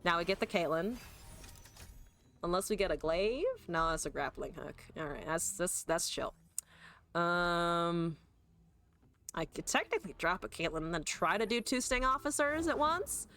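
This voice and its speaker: A woman's voice: fairly low pitch, animated, normal speed, fairly bright tone. A woman streamer chatting casually and joking at her own expense while she plays a card game, swearing now and then. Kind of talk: casual gameplay commentary.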